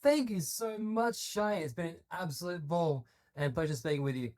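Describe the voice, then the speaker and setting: A man's voice: fairly high pitch, moderate pace, a little mellow. A man hosting a podcast interview, encouraging and enthusiastic toward his guest. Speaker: podcast host.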